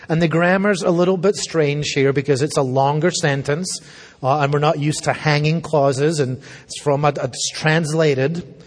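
Male pastor, slightly higher pitch, husky, conversational Bible teaching in a reverberant hall. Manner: conversational and animated, with casual asides. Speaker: pastor teaching a school discipleship class. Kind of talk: sermon-style Bible teaching.

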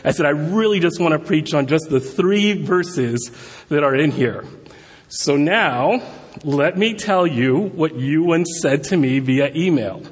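A man's voice: a little high, unhurried, breathy edge. A man giving a guest sermon at a church service, talking in a chatty, self-deprecating way with many fillers. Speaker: guest preacher. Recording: long hall reverb.

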